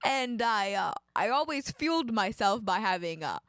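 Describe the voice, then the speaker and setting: A woman doing a hopeful astronaut girl in a put-on Canadian accent, lively in pitch and folksy. She finishes lines with homey tags, in a dry, close sound. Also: normal speed, no echo. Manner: folksy, tacks on "eh" and "don't you know".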